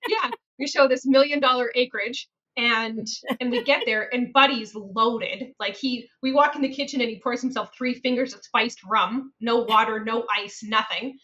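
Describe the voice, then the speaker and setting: A woman hosting a podcast about real estate, telling stories in an animated, laughing, repetitive way. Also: fairly high pitch, normal speed, few pauses, dull audio. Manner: animated, laughing, repeats phrases for emphasis. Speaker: podcast host and realtor. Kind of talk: casual storytelling chat.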